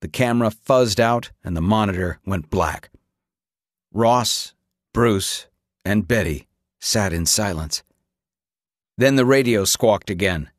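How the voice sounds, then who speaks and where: A man reading an audiobook with dramatic, expressive narration. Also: on the low side, slow pace, long pauses, dry recording, clean studio sound. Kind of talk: scripted narration.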